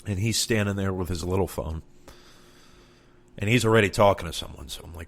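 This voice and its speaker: Man, lowish voice, comic storytelling, exasperated, swears, plays out both sides of a chat. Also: moderate pace, long pauses. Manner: exasperated, profane, acts out both sides of conversations. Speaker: comedian. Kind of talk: comedic storytelling monologue.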